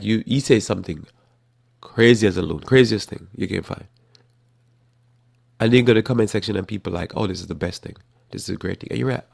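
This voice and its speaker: Animated male Bible teacher, deep and creaky, breaks into loud acted-out outbursts. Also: no echo, clean studio sound. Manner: animated, acts out scenarios with sudden loud bursts. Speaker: Bible teacher hosting a live talk program.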